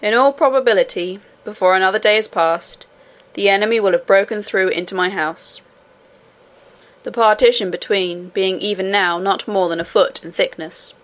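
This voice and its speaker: A woman lowers her voice for a humble male goblin subject addressing his king. He sounds earnest and a little anxious, speaking from deep in his chest in a storybook reading. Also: moderate pace, natural voice. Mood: urgent.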